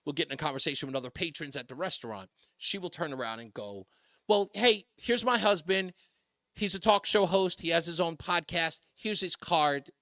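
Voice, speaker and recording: A male talk radio host telling a funny personal story in a lively way, often raising his voice to quote people and laughing as he goes. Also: fairly high pitch, moderate pace, no echo, studio quality.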